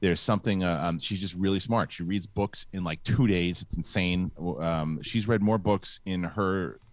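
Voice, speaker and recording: Rambling man, halting storyteller. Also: deep voice, steady tone, no room sound. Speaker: host. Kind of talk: casual chat.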